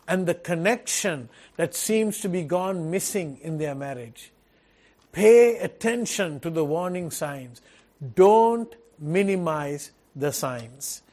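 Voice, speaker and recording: A man's voice: sits high, a little mellow. A man preaching a sermon as pastor, earnest, asking rhetorical questions and repeating key phrases.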